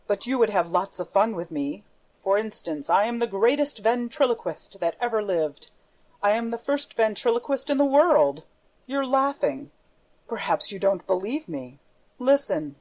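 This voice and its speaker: A woman's voice: medium pitch, darkish tone, close to an everyday voice, rough recording. A woman reading the part of a menacing masked male phantom, with a theatrical, darkly playful manner. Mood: brooding.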